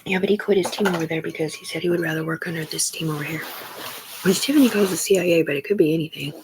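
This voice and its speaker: A woman streaming live with a fairly low-pitched voice, rambling loosely and breaking into hushed, breathy whispers between normal speech. A soft hum of room noise sits faintly behind her. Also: racing. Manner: rambling, often dropping into an unvoiced whisper. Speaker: livestreamer. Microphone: phone or webcam on a live stream.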